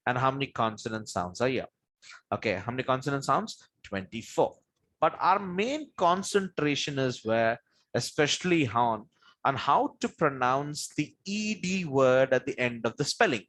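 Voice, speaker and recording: A man teaching pronunciation in a classroom lecture. He asks his own questions, answers them himself and spells out letters slowly. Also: mid-range voice, lively intonation, a bit bright. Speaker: English teacher.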